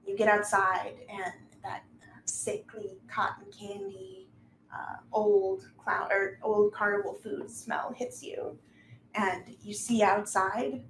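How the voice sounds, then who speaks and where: A woman's voice: medium pitch, fairly bright tone. Brief: woman game master, casual descriptive narration full of fillers, echoey room, faint hiss.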